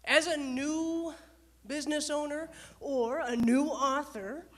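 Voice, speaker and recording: A woman who coaches leaders gives a lively motivational talk to a live audience. She asks the crowd questions and tells stories from her days as an emergency dispatcher. Her voice sits a little high. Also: slow pace.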